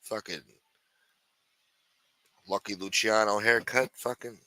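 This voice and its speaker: A man's voice: lowish voice, steady tone, slow pace, heavy background noise. A man hosting a livestream, rambling in a sarcastic, profane, casual way. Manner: rambling, sarcastic, heavy swearing. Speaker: livestream host.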